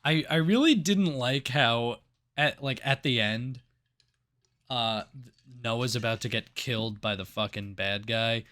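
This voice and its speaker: A man's voice: medium pitch, a little slow. Podcast guy ranting about a movie, swears a lot, acts out the scenes. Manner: swears freely, retells scenes with animated voices. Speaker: podcast co-host. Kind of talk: casual movie review chat.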